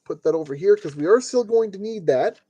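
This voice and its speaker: A man's voice: high-pitched, expressive, brisk, dark tone, breathy edge, no room sound. A man streaming live from his desk, casually talking himself through each step as he assembles a model kit. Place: at a desk indoors.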